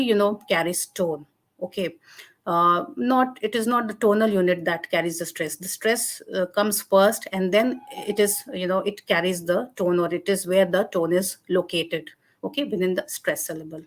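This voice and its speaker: Indian woman explaining linguistics in a webinar. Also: medium pitch. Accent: Indian English. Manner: explanatory, with many fillers and self-restarts. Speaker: webinar guest speaker on linguistics. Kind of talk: answering audience questions in a webinar.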